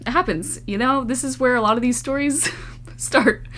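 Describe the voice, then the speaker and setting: A woman's voice: sits high, moderate pace, a bit bright, slight background noise. A young woman vlogger reading out viewer confessions in a casual, giggly chat, often breaking into laughter and mock horror.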